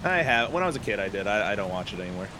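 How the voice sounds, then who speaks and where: A young man streaming a game, chatting casually and telling animated stories, laughing often. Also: lowish voice, rapid-fire, noisy background. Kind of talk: casual chat while gaming.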